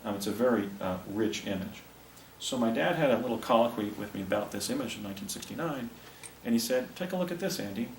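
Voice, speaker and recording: An older man giving a talk and recounting a personal story, with a rambling, halting delivery full of restarts. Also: on the low side, vocal fry. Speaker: speaker presenting images to an audience. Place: presentation room with a projector. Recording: echoey room, distant mic, faint hiss.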